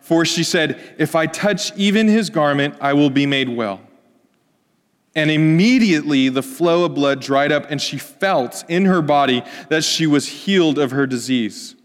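A man preaching a sermon as pastor, swinging between loud emphatic passages and soft hushed ones. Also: on the high side, a little slow. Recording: long hall reverb.

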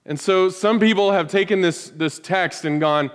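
Pastor delivering a sermon, emphatic and dynamic, slightly high-pitched man, church sanctuary with long reverb. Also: normal speed, few pauses. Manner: emphatic, swings from loud rhetorical questions to hushed lines. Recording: hall reverb.

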